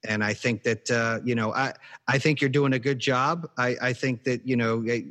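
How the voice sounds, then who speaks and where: A man's voice: medium pitch, fairly even intonation, moderate pace, fairly bright tone. Rambling motivational male podcast host. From Arizona, US. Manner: motivational, rambling with many restarts. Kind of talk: casual podcast chat.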